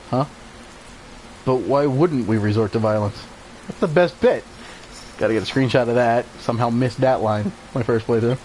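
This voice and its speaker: A man's voice: medium pitch, normal speed, pauses often, a little mellow, slight background noise, poor audio. A man casually commenting while playing a video game, chatty and swearing freely. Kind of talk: casual let's-play commentary.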